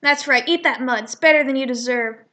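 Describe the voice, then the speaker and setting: A woman's voice: high voice, brisk, sharp tone. A woman voicing a mean, bullying male tomcat in a comic she reads aloud, sneering and taunting.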